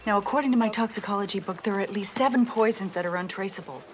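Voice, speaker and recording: A matter-of-fact female police partner, played by an actress. She talks quickly at a middle pitch. A faint background hum sits under her lines. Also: natural voice.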